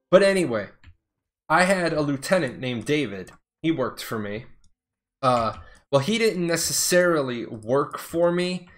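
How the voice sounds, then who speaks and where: A middle-aged man, a former Air Force officer, telling stories in a blunt, profane, rambling way. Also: a little high. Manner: blunt, profane, digresses mid-story. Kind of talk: casual storytelling chat.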